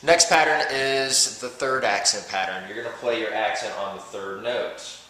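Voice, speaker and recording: A man with a lowish voice teaches a drum exercise, explaining it patiently step by step at normal speed and counting off the beats. The room sounds roomy, loud drum playing fills the gaps between his talk, and the recording is very noisy.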